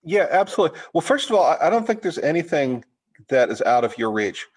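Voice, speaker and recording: A middle-aged man leading an informal writing workshop, talking in a halting way with many restarts and fillers. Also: fairly high pitch, sing-song, husky, poor audio. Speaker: writing teacher.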